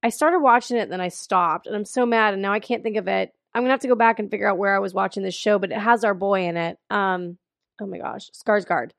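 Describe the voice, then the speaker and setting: A woman's voice: mid-range voice, fast talker, creaky, no echo, studio quality. A woman co-hosting a casual movie recap chat, talking loosely with lots of fillers and a slight frog in her throat. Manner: chatty, laughs often, lots of "like" and fillers. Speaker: podcast co-host. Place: cold room at home.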